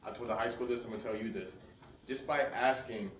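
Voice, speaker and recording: Speaking fast at a medium pitch, this man delivers a lively motivational talk to students gathered in a school hall. He keeps checking in with the audience as he goes. Faint noise sits under a roomy, distant recording.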